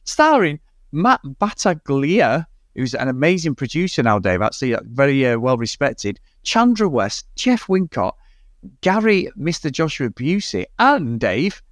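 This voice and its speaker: A man's voice: mid-range voice, very animated, moderate pace, dry recording, clean studio sound. A man co-hosting a casual film podcast, teasing his co-host and swearing freely. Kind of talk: casual chat.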